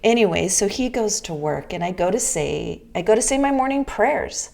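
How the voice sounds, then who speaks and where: A woman's voice: mid-range voice, animated, normal speed, gravelly, darkish tone. A middle-aged woman from the Pacific Northwest, talking candidly in a personal vlog and often checking in with "right?". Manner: chatty and candid, frequent restarts and "right?" asides. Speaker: vlogger. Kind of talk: casual personal talk.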